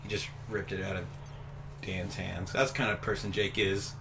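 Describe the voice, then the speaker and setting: A man's voice: deep voice, moderate pace, vocal fry, noisy background. A young man casually telling a funny story during a gameplay session, laughing as he talks. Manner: laughs through his story, animated. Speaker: gaming commentator.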